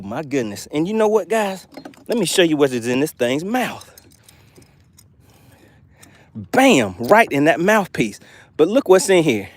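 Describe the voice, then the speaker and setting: A man on a live fishing stream, talking to his chat in a lively, fairly high voice that swings all over as he hypes up his catch. He sounds out of breath and keeps repeating his catchphrases. The sound is dry and close. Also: no echo. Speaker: fishing channel host. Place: outdoors by the water.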